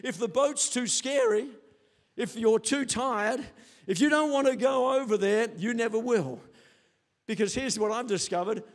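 A man's voice: very high voice, measured pace. An older man preaching a sermon as pastor, telling stories animatedly and acting out quotes. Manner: animated storytelling with acted quotes.

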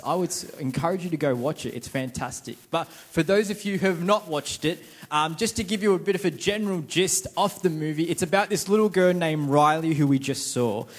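A young man giving a casual, joking sermon to a church congregation and quizzing the crowd. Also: a little high. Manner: chatty, self-mocking, quizzes the crowd. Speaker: preacher. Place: church service before a congregation.

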